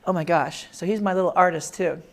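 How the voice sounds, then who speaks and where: A man in his fifties giving a humorous personal talk, animated, joking and acting out voices as he tells family stories to a room. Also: sits high, brisk. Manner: animated storyteller, lively jokes, acts out voices. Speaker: speaker. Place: classroom or lecture room.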